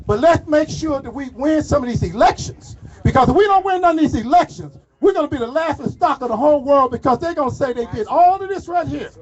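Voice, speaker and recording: A man giving a fiery shouted speech to a crowd at an outdoor protest march, calling out to them like a preacher. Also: extremely high pitch, lively intonation, fast, few pauses. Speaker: rally speaker. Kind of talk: shouted street rally speech. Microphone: phone recording from the crowd. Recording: muffled phone recording outdoors.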